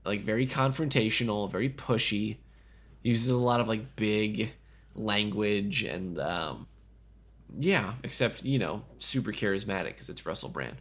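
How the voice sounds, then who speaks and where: A man's voice: fairly low pitch, animated, a little slow, a bit bright, husky. A man co-hosting a casual movie podcast, jokey and rambling, laughing often. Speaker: podcast co-host.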